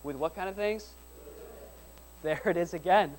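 High-voiced preacher with rising, emphatic delivery. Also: male voice, unhurried, long pauses, poor audio. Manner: builds repeated lines into loud emphatic peaks; drops to soft, quiet asides between peaks. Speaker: pastor. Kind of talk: sermon. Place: church service before a congregation.

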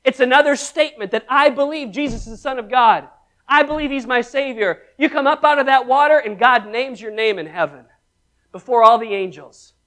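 In a mid-range voice, a little fast, a preacher gives a sermon that alternates between loud exhortation and quiet emphasis. He asks the congregation questions and calls for amens.

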